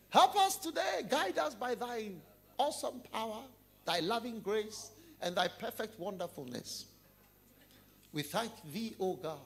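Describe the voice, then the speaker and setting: A preacher voicing a self-satisfied, churchgoing banker who prays showily in a high, sing-song voice. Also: male voice, creaky, full character voice. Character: smug, pious man, a banker.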